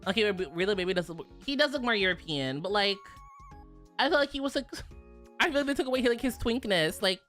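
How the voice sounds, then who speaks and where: A young adult woman chatting casually on a stream, animated, profane and quick to laugh. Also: mid-range voice, soft background music. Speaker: virtual streamer.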